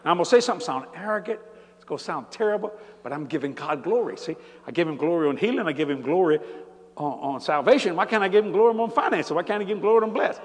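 An older man preaching a sermon in a large church, animated and folksy, building from easy talk to shouts. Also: sits high, fast talker, big-room sound.

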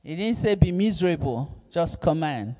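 A male pastor preaching a sermon, reading scripture and calling on the congregation to repeat after him in a slow, emphatic manner. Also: on the high side, expressive, dark tone. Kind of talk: sermon with call-and-response.

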